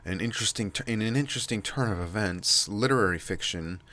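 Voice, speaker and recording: A man with a nasal, stuffy voice and heavy breathing, rambling casually to his channel with many pauses and restarts. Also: on the low side, sharp tone. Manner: halting, many fillers and restarts. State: stuffy from allergies. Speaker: channel host.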